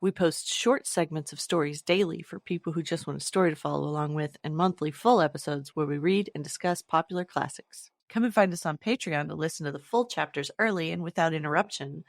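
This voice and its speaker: A woman podcast host reading a steady, scripted introduction. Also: low-pitched, fairly quick, creaky, few pauses, no room sound, studio quality.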